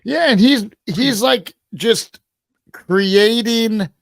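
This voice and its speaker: High, gravelly-voiced podcast host. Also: male voice, drawn-out words, dry recording. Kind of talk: casual podcast chat.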